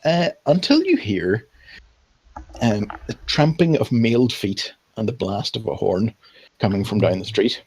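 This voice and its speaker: A man narrating a tabletop game as game master, hesitant, with frequent ums and pauses. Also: lowish voice, very animated, darkish tone, husky.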